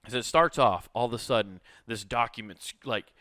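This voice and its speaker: Bright crisp-voiced comic man, profane laughing storyteller, dry room. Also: medium pitch, moderate pace, no room sound. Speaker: comedian podcast co-host. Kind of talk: casual comedic storytelling.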